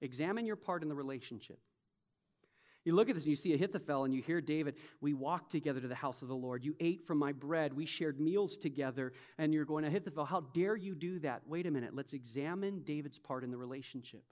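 A man preaching a sermon as pastor, emphatic, swinging from soft reflection to loud, urgent bursts and acting out imagined speakers. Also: a little high, fast, few pauses. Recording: long hall reverb.

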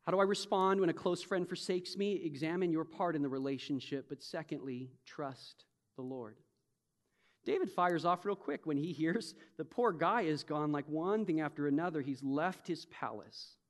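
A man preaching a sermon as pastor, emphatic, swinging from soft reflection to loud, urgent bursts and acting out imagined speakers. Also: a little high, moderate pace. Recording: long hall reverb.

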